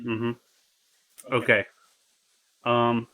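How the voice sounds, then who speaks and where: A man's voice: medium pitch, monotone, extremely slow, pushed and bright. A man playing a tabletop game in casual chat, playful and thinking aloud as he plans his moves.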